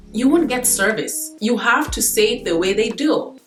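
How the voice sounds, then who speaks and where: A chatty Kenyan woman talking casually to her viewers, her voice sitting a little high. She repeats herself and laughs easily. The room sounds roomy, with faint guitar music playing underneath. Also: lively intonation, normal speed, fairly bright tone. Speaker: vlogger. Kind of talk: casual talk to camera.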